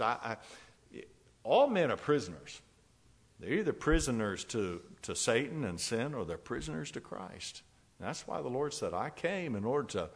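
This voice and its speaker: Fervent, slow-spoken male preacher. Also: mid-range voice. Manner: fervent, repeats phrases, swings between loud declarations and soft pleading. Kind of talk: sermon.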